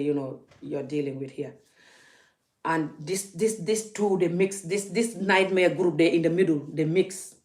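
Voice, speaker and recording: A woman's voice: on the low side, a little mellow. A woman vlogging into her phone, emphatic and laughing, often repeating her words. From Gambia. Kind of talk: casual ranting vlog.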